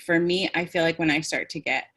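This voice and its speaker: Low-voiced woman presenting a webinar. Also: steady tone, brisk, fairly bright tone, slightly rough. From United States. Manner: demonstrative, acts out tones and phrases. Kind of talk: webinar teaching talk.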